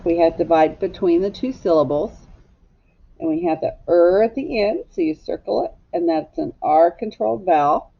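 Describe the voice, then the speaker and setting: A woman's voice: on the low side, expressive, moderate pace, creaky. A woman teaching a phonics lesson to young children, patiently asking them to repeat words after her. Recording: slightly dull lo-fi recording.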